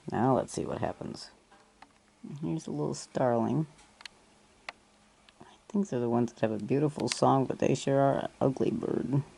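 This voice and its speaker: A woman from Northern Michigan with a rough morning voice, chatting casually outdoors and pointing things out to the viewer as she films on a phone. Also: rumbling low, mellow, slight background noise. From Northern Michigan, USA. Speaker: vlogger. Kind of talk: casual handheld vlog narration. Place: outdoors in a yard, wind and trees.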